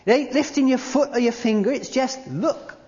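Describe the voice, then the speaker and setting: A preacher voicing a rough, uneducated Victorian lay preacher who exhorts plainly and repetitively, heard in a long church reverb. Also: high-pitched, moderate pace, a little mellow, highs cut off, pitched above the performer's own voice, natural voice. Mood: exhorting.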